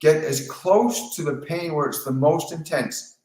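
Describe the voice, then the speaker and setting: A man hosting a live spiritual Q&A, talking in a calm, repetitive coaching tone. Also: on the high side, unhurried, echoey room, poor audio. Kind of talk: live-stream talk answering viewer questions.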